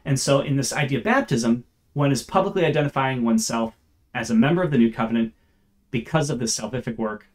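A man's voice: mid-range voice, quick pace. A man giving a verse-by-verse Bible teaching, explaining the text and stressing key words.

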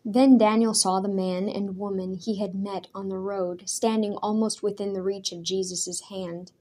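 A woman narrating a storybook aloud in a steady, expressive way. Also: mid-range voice, moderate pace. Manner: steady and expressive, with vivid character voices.

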